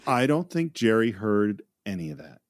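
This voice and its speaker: A man's voice: on the low side, very animated, normal speed, slight background noise. A man co-hosting a film podcast, thoughtfully analyzing characters in casual chat. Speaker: podcast co-host.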